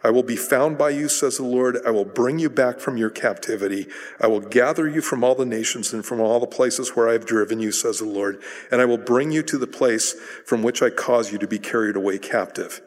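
Conversational preacher in a reverberant hall. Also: male voice, mid-range voice, brisk. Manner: conversational, animated storytelling with frequent restarts. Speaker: pastor. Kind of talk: sermon.

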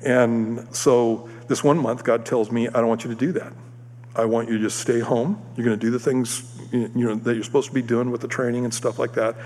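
A man giving a sermon, telling a personal story in an animated way and acting out the voices of the other people in it. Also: medium pitch, fairly quick. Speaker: preacher. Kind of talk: sermon testimony. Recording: long hall reverb.

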